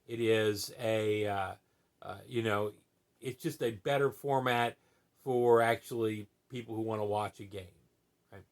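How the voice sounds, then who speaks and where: A man's voice: fairly low pitch, steady tone, a little slow. A man hosting his own channel, sharing opinions in a rambling, conversational way with plenty of fillers and tag questions. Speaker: channel host. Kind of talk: casual opinion vlog.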